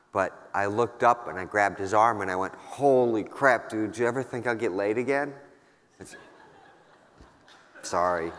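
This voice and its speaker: A man's voice: fairly low pitch, a bit bright. A man in his thirties giving a keynote talk, telling a personal war story in a candid, casual, wry way with lots of fillers. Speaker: keynote speaker. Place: large conference hall. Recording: long hall reverb.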